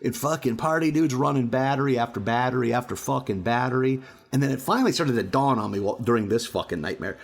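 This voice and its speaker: A man co-hosting a podcast, a stand-up comic telling a profane, animated story in casual chat, often laughing. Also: medium pitch, fast, vocal fry, hardly any pauses.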